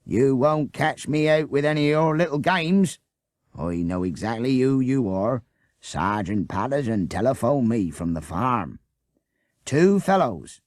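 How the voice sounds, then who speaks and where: A man's voice: medium pitch, lively intonation, a little slow, darkish tone, dry recording, clean studio sound, voice pushed up, natural voice. A man voicing a suspicious, sarcastic policeman who keeps jeering "eh?" at the people he has cornered. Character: suspicious sarcastic village policeman, male, middle-aged.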